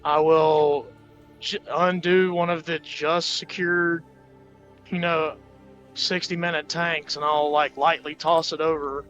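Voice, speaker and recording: A man's voice: on the high side, little pitch movement, slow pace, fairly bright tone, faint music behind. Casual male player, dull lo-fi mic. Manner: casual, filler-heavy. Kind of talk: casual tabletop role-play.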